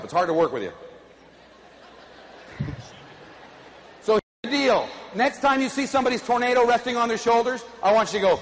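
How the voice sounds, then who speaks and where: A middle-aged man giving an animated keynote speech to a live audience, drawing call-and-response from the crowd. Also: very high voice, brisk, pauses often. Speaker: motivational speaker. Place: large conference hall. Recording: echoey hall, faint ambience.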